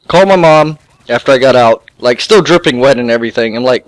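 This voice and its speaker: A young man casually telling a long, rambling, profane story to his viewers, animated and full of fillers. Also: medium pitch, fast, no echo, rough recording. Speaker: gaming YouTuber.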